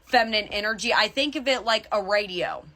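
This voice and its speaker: A woman's voice: medium pitch, brisk, pushed and bright. A young adult woman tarot reader talking to the camera in a chatty spiritual vlog, often checking in with "okay?". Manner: chatty, repeats "okay?" to the viewer.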